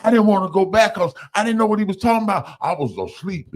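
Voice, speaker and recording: A man with a fairly high, lively voice that swings up and down as he tells his story. He talks loosely and conversationally, calling his listeners y'all. He slips into other people's voices when he quotes them. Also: fast talker. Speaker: recovery speaker sharing his story. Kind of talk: personal storytelling.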